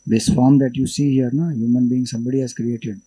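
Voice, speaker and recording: A man with an Indian English accent giving an unhurried scriptural lecture, explaining Vedic chants as a spiritual teacher. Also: mid-range voice, steady tone, mellow, breathy edge, low-quality recording.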